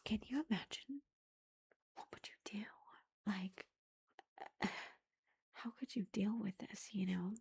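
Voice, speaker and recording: A woman giving a whispered ASMR book review, retelling the plot in a soft unvoiced whisper and rambling with lots of "like" and "you know". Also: medium pitch, takes it slowly, gravelly, pauses often, slightly rough.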